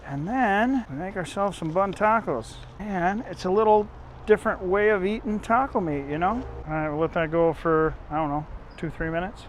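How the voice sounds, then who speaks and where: A man's voice: sits high, normal speed, slight background noise. A man hosting a casual home cooking video, chatting to viewers in a rambling, self-correcting way. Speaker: home cook and channel host.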